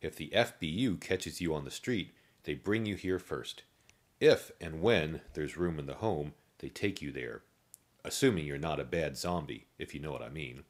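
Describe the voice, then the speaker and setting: A man voicing a slow, easygoing old male zombie inmate in a storybook tale, speaking in a drawl. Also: very deep voice, lively intonation. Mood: matter-of-fact.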